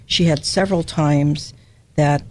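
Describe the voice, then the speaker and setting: A woman's voice: low voice, steady tone, unhurried. An older woman from Hawaii giving a personal, emotional devotional Bible teaching as a podcast host.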